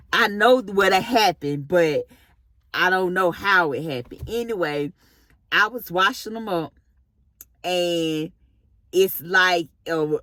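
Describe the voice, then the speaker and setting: Brief: expressive female storyteller, lowish voice, slow delivery, dry close sound. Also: no room sound. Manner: animated, expressive storyteller with casual slang. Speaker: vlogger. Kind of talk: storytime monologue.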